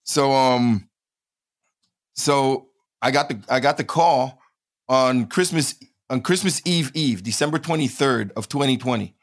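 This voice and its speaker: A man's voice: mid-range voice, measured pace. A middle-aged man telling his story as an interview guest, emphatic and repeating phrases for stress.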